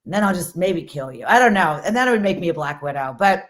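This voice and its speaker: A woman's voice: fairly low pitch, expressive, fast. A woman, a comedian doing a rambling, self-mocking stand-up set on a video call.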